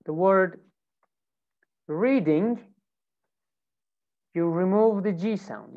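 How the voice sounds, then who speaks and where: A woman with a teaching pronunciation in a live online lesson, speaking slowly and repeating each example. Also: lowish voice, narrow, tinny audio. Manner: slow, deliberate, repeats examples.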